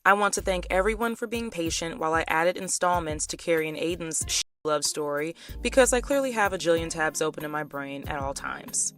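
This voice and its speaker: A woman talks through a TV recap in a chatty, sarcastic way. Her voice sits a little low. Soft music plays faintly behind her. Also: fairly quick, few pauses. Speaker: commentary vlogger. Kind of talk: casual recap commentary.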